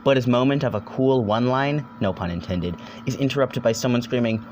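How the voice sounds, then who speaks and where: A man's voice: mid-range voice, animated, darkish tone, slight background noise. A young man narrating a casual comedic video essay, rambling and joking, swearing now and then. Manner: rambling, jokey, swears, quick silly voices.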